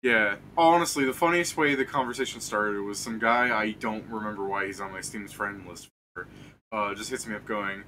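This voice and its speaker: A man's voice: on the low side, normal speed, bright, forceful tone, a little hiss or hum. A man hosting a tabletop stream, chatting casually over a voice call and telling rambling stories full of swearing. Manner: rambling, profane storytelling with laughs.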